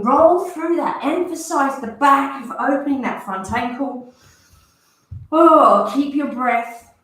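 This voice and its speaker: A woman guides a stretch and breathing session in a calm coaching manner, letting out sighs and breaths as she moves. Her voice sits a little high and comes from some distance away from the mic. The room rings with strong echo. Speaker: movement and breath instructor. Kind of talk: guided exercise instruction. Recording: roomy sound from far off the mic.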